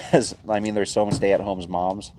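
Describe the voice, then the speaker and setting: Man, casual livestream host, low voice, rambling, chuckly, outdoors by a bonfire, phone mic. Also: little pitch movement, moderate pace, background noise. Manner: easygoing, rambling, chuckles often.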